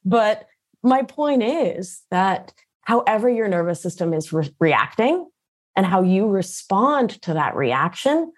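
A middle-aged woman speaking as a guest coach in a casual interview. She is animated and slangy, and often tags her sentences with "right?". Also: mid-range voice, takes it slowly.

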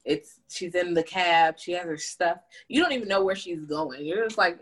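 Woman co-host, low-ish husky voice, animated colloquial recapper. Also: normal speed, few pauses. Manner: animated, colloquial storytelling with playful asides. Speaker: podcast co-host. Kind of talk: casual film discussion chat.

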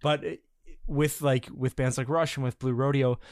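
A man's voice: mid-range voice, steady tone, normal speed, no room sound, clean studio sound. A man co-hosting a casual music podcast, talking in an enthusiastic, rambling way with many restarts and fillers. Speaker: podcast co-host.

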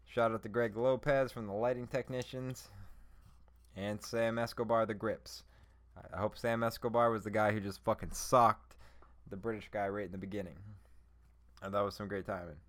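A man's voice: on the low side, normal speed. A young man hosting a podcast, chatting loosely about a movie with frequent swearing and bursts of laughter. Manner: excitable, profane, laughing bursts. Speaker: podcast host. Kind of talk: casual movie chat.

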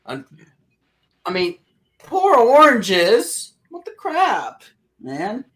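Slow-talking man recapping matches. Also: a little high. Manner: slow, rambling recaps with sudden loud outbursts. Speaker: podcast co-host. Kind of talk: casual wrestling podcast chat.

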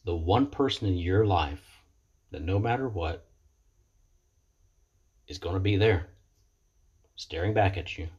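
A man's voice: deep voice, expressive, a little slow, pauses often, darkish tone, slightly rough, highs cut off. A man in recovery giving an earnest, reflective motivational talk into a computer webcam, often stopping to repeat his words. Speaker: person in recovery sharing experience. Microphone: computer webcam mic.

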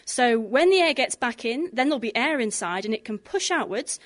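A woman demonstrating a science experiment, explaining each step clearly. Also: fairly high pitch, animated, fairly quick.

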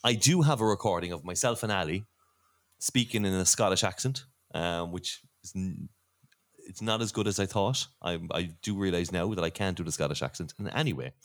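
A man's voice: sits low, a little fast. An Irish man hosting a podcast in casual chat, rambling and laughing often. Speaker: podcast host.

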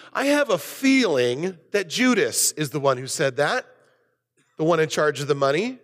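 A man preaching a sermon as pastor, animated, swinging between loud emphasis and soft, low asides. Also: moderate pace, long reverb tail.

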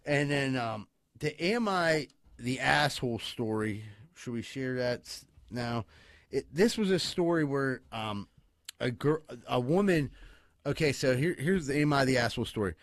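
A man telling a wild story in casual podcast chat, cursing often, laughing and talking excitedly. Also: mid-range voice, measured pace, no room sound. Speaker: podcast co-host.

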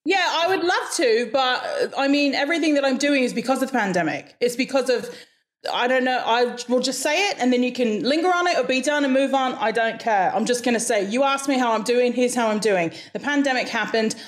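A woman's voice: sits high, lively intonation, fairly quick. A woman from Hawaii with an English-leaning accent, a guest talking frankly and chattily in a casual interview, often laughing.

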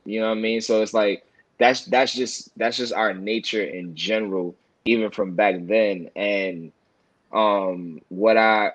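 A New man talks loosely on a podcast, circling his point with fillers and restarts. His voice sits low. The sound is dry and close. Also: steady tone, measured pace, dry recording, highs cut off. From New York. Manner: rambling, filler-heavy, many restarts. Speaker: podcast co-host. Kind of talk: casual chat.

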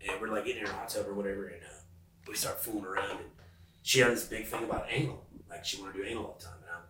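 A man's voice: on the low side, steady tone, rapid-fire, a bit bright, a little hiss or hum. A man hosting a podcast, telling crude, profane stories in casual chat. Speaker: podcast host. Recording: roomy, distant mic.

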